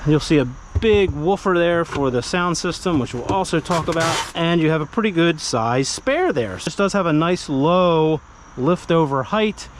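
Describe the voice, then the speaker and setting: A man with a slightly high voice gives a relaxed, conversational car review. He walks the listener through the vehicle in an animated, talky way and acts out little buyer exchanges. A faint hiss of background noise sits under the recording. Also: normal speed. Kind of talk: casual car review walkaround.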